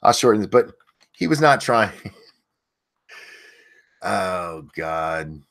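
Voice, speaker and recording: A low-voiced man hosts a live-stream news rant. He talks bluntly and sarcastically and swears freely. His voice jumps up loud when something annoys him. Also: very animated, slow, creaky. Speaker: streamer host reading news.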